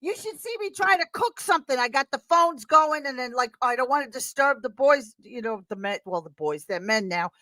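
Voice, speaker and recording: A middle-aged woman with a thick New York accent, chatting casually, animated and rambling with lots of fillers and laughter. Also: high voice, brisk, few pauses, no room sound, rough recording. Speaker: guest. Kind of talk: casual chat.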